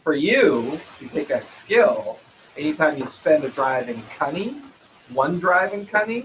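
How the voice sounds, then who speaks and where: A man's voice: a little high, sing-song, measured pace, a bit bright, slight background noise, low-quality recording. A man running a tabletop game, patiently explaining dice rules and laughing easily. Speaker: game master. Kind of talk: casual tabletop game talk. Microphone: streaming setup mic.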